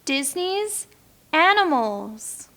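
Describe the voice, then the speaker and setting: A woman teacher reading a picture book aloud slowly and clearly for beginner learners, now and then making playful animal sounds. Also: high-pitched, sing-song, a bit bright.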